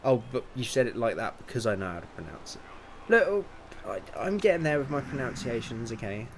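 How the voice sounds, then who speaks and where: A male livestreamer in his twenties talks through a racing management game in casual commentary, chatty, muttering as he tweaks car setups, and chuckling now and then. His medium-pitched voice is sing-song and fairly quick, with slight background noise.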